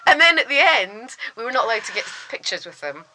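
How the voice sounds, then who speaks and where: A woman's voice: fairly high pitch, big pitch swings, fast, pushed and bright, rough recording. A woman co-hosting a podcast, telling a flustered, self-mocking anecdote with lots of laughter. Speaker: podcast co-host.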